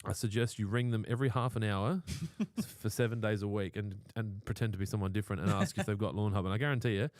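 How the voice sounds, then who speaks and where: A brash Australian man with a slightly low voice, co-hosting in blunt, profane casual chat. He sounds close and dry, with almost no room sound. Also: fairly even intonation, fast, few pauses, a little mellow, no room sound. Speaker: podcast co-host.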